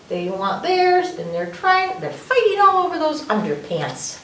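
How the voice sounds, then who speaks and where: A woman's voice: very high voice, very animated, measured pace, gravelly, fairly bright tone, a little hiss or hum. A woman reading a picture book aloud at a library story time, playful and sing-song. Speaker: children's librarian. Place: library room. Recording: roomy echo, mic far off.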